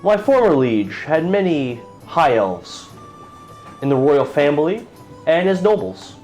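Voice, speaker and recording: A man voicing a pompous knight, high and lively. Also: measured pace, soft background music, low-quality recording. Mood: proud. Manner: grand, showy and self-important. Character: proud male human knight, pompous and boastful. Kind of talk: tabletop role-play.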